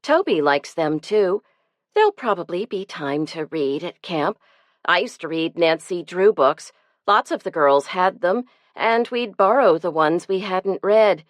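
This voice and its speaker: A cheerful, teasing young den mother, as a woman narrator voices her, bright and enthusiastic. Her voice rides a little higher with lively rises and falls, recorded dry and close. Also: unhurried, no room sound. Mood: gentle.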